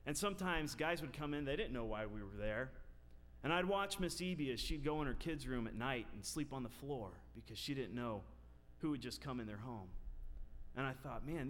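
A pastor preaching a sermon, telling a personal story that builds into loud, emphatic preaching. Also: male voice, mid-range voice. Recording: long reverb of a large hall.

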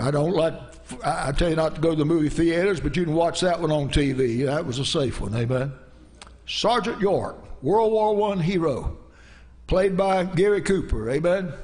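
A male pastor preaching a sermon in a church, telling stories in a folksy way and dropping in frequent amens. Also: on the high side. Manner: folksy storytelling, peppered with "amen".

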